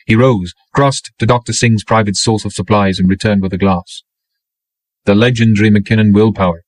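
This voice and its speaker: A man narrating an audiobook in a measured, even reading. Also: fairly low pitch, no echo, poor audio. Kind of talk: scripted narration.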